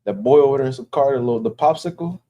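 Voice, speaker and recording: A man's voice: medium pitch, lively intonation, very fast, dull audio. A man preaching inside a casual talk. He speaks with emphasis and sounds like he is warning his listeners, and he keeps checking in with them as he goes. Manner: emphatic, warning tone, keeps asking "you know what I'm saying". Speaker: religious teacher.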